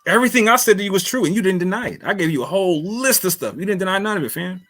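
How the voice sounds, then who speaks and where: A man's voice: sits high, lively intonation, rapid-fire, a bit bright. A man giving a heated, slangy video response, repeating himself for emphasis. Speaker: online commentator. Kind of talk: casual video rant.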